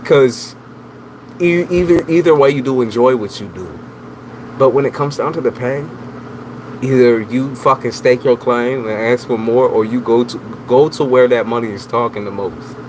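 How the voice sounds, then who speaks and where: A man's voice: medium pitch, normal speed. A man giving casual tarot readings on a livestream, slangy and teasing, talking straight to his viewers. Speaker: tarot reader, livestream host. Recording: steady background noise.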